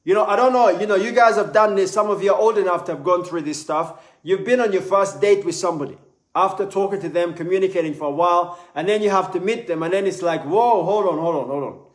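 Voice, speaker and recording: A man giving a live online sales lesson in an animated way, repeating words as he talks. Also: high voice, fast talker. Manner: animated, acts out little voices, repeats words. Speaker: sales trainer. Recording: echoey room.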